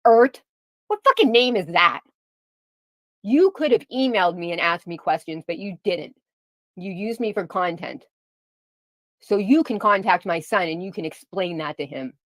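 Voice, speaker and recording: A woman's voice: lowish voice, expressive, normal speed, long pauses, no room sound. A middle-aged woman vlogger ranting angrily to her viewers, heated and profane, repeating herself as she defends her family. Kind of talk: angry rant to camera.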